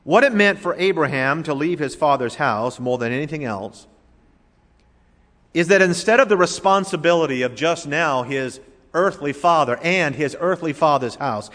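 Preaching with a male voice on the high side, this pastor from Florida shifts emphatically from loud proclamations to hushed, lingering words. A long hall reverb colors the recording.

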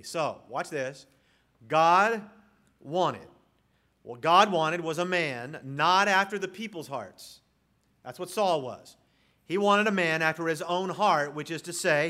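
Emphatic preacher, bright tenor voice. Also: male voice, fairly high pitch, expressive, takes it slowly. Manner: expository preaching, reads scripture aloud, addresses congregation as folks. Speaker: pastor. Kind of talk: sermon.

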